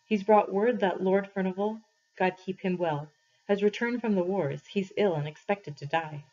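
A weary old village priest speaks in a soft, low, careful voice, as a woman reading aloud plays him. The voice is husky. The sound is dull and lo-fi. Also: normal speed, lightly acted. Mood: gentle. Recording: dull lo-fi recording.

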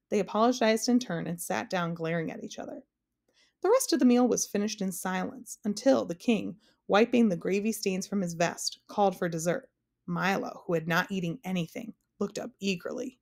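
A woman narrating a children's storybook aloud in a steady storytelling voice. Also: medium pitch, moderate pace, vocal fry.

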